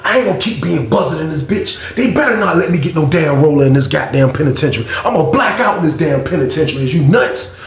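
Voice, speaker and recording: A man with a gravelly, fry-heavy voice that sits a bit high, telling his story in an animated, profane way. He acts out every part of the conversation himself. The sound rings in an echoey room. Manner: animated, profane, acts out both sides of dialogue. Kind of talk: casual storytime vlog.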